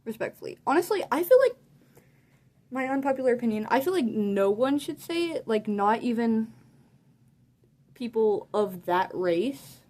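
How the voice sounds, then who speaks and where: A woman telling a story in a casual, animated way, saying "like" a lot and often laughing mid-sentence. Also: a little high, normal speed, long pauses. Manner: chatty and animated, heavy use of "like". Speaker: vlogger.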